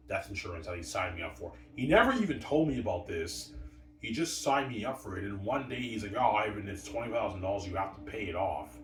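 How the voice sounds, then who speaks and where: A man's voice: low voice, fairly bright tone, slight background noise. A man ranting in a rambling, profane, aggrieved solo monologue. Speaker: vlogger. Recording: echoey room, far from mic.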